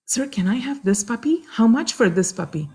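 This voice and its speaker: A woman's voice: fairly high pitch, lively intonation, moderate pace, mellow, husky, voice pushed up, heavily acted. A woman voicing an earnest eight-year-old boy in a told story, pleading and determined.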